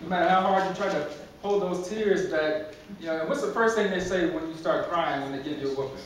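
Captured from a distance in a very echoey church sanctuary with slight background noise, a man preaches a funny, conversational sermon. His voice is a little high and fairly quick, and he repeats words and chuckles at his own jokes.

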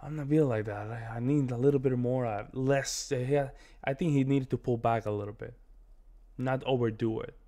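American man, reaction video host, casual rambling commentary, lots of fillers, mid-pitched voice. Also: fairly even intonation, moderate pace, dark tone. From United States. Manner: rambling, repeats himself, many fillers.

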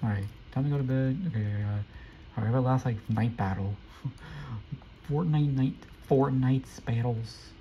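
A young man giving live, excitable commentary while playing a video game, often repeating quick exclamations. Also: mid-range voice, muffled recording, slight background noise. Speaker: gameplay streamer.

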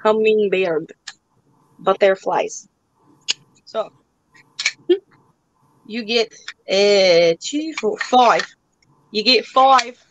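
A woman's voice: mid-range voice, drawn-out words, pauses often, fairly bright tone, muffled recording, slight background noise. A young woman hosting a live online auction, joking around in a put-on broken-English accent. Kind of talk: live sale chat.

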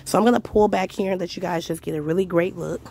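A woman's voice: on the low side, fast, warm tone, a little hiss or hum. A woman filming a casual haul inside a discount store, talking in an upbeat, gushing way as she walks the aisles. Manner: gushing, upbeat, repeats "love, love, love". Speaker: shopping vlogger.

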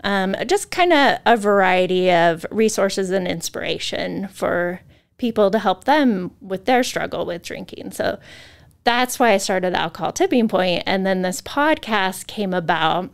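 A woman's voice: medium pitch, lively intonation, measured pace, gravelly, smooth. A woman hosting a podcast, chatting casually and self-mockingly in a studio, often backing up to restart her sentences. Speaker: podcast host. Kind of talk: casual interview chat.

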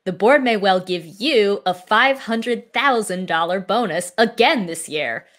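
A greedy, scheming tycoon, read by a woman at a mid pitch. The lines come across as a brisk, comic read-aloud of a scripted scene. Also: animated, fairly bright tone. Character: greedy scheming male industrialist.

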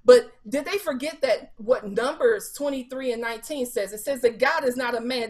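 A woman's voice: fairly high pitch, normal speed, few pauses. A woman evangelist delivering a sermon at a Bible study, quoting scripture and asking the listeners rhetorical questions in a casual, colloquial way. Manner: animated preaching with scripture quotes and rhetorical questions; casual colloquial speech with fillers.

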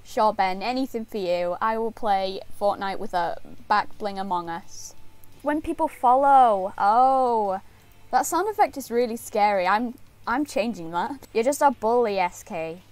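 A woman's voice: medium pitch, unhurried, a little mellow. A young woman streaming, chatting playfully and teasing her live chat.

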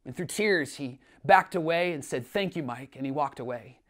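A man preaching a sermon as pastor, earnest, swinging between emphatic lines and hushed ones. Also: a little high, moderate pace. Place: church online service.

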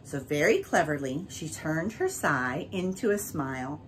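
A woman reads a children's book aloud, her voice sitting a little low. Her delivery rises and falls a lot as she tells the story. A faint hiss sits under the recording. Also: unhurried, rough recording. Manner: expressive, varied reading.

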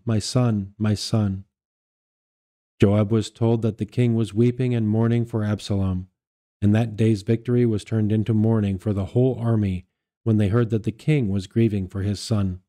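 A man reading scripture and a church father's discourse aloud as a liturgical reader, measured and steady, correcting himself now and then. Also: on the low side.

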